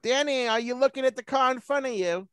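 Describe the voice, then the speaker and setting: A man's voice: very high-pitched, fast, fairly bright tone, smooth, no room sound, studio quality, voice pushed up. A man mimicking his fretful Jewish mother scolding her adult son, in an anxious, nagging tone over a video call.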